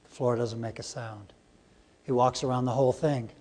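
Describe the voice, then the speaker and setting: Recorded in a conference hall with long reverb, this middle-aged presenter runs a live training seminar, cracking jokes and putting questions to the crowd. His mid-range voice is a little mellow, with fairly even intonation at a normal speed.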